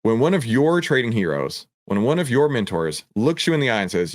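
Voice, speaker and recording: A man's voice: mid-range voice, sing-song, brisk, few pauses, no room sound, clean studio sound. A middle-aged man hosting a trading lesson, talking through a stock chart in an emphatic, preachy way with rhetorical questions and repeated phrases. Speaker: trading educator and host. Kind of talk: energetic stock-chart walkthrough.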